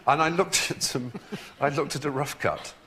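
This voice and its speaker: A man's voice: fairly high pitch, moderate pace, very noisy. A man as a talk show guest, telling stories in a wry, theatrical way with frequent laughter. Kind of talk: anecdotal chat.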